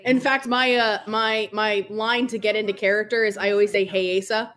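A woman's voice: medium pitch, little pitch movement, moderate pace, fairly bright tone. A woman writer on a casual commentary, chatty and often giggling.

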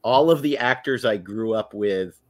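A man in casual podcast conversation, animated and laughing, often restarting his phrases. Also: lowish voice, moderate pace. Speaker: podcast guest or host, artist.

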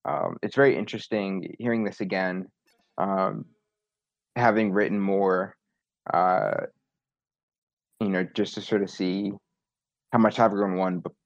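A man's voice: deep voice, steady tone, unhurried, gravelly, pauses often, no room sound, muffled recording. A man who wrote the drama, talking reflectively in a casual chat with many fillers. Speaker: writer.

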